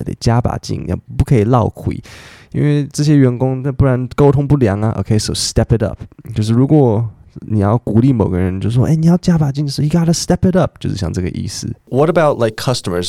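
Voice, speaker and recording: A man hosts a language podcast, explaining English phrases at a quick clip. His voice sits fairly low, with a dark, gravelly texture. The recording is dry and close. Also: dry recording. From Taiwan. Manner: brisk, explanatory, acts out quotes. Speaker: podcast host and English teacher.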